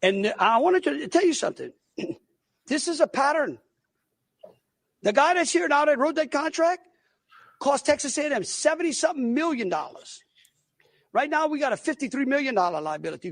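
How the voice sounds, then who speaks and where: A man's voice: very high voice, lively intonation, moderate pace, vocal fry, no room sound. A middle-aged man with a Louisiana accent, a state governor speaking bluntly and folksily at a press conference.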